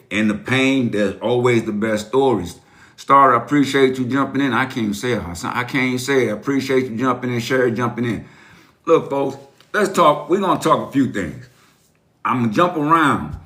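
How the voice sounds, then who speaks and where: A man's voice: mid-range voice, a bit bright. A middle-aged man, hosting a casual livestream as a life coach, welcoming viewers by name and repeating phrases like a preacher.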